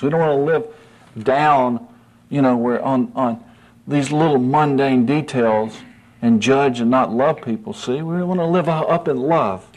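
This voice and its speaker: A male preacher gives a sermon with earnest conviction in a folksy, conversational style, often checking in with listeners by asking "see?" His mid-range voice rises to emphatic peaks when he drives a point home.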